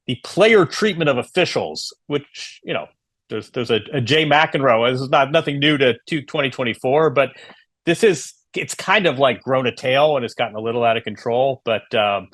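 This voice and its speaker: A man's voice: mid-range voice, fairly bright tone, no room sound. Wry, analytical man co-hosting a podcast. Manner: measured, analytical, with wry turns of phrase. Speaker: podcast co-host. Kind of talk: casual chat.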